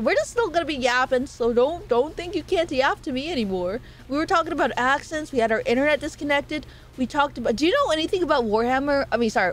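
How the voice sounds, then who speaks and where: A woman's voice: high voice, lively intonation, quick pace, faint music behind. A woman streamer chatting casually and playfully with her viewers, rambling and giggling between thoughts. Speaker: game streamer. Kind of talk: casual live-stream chat.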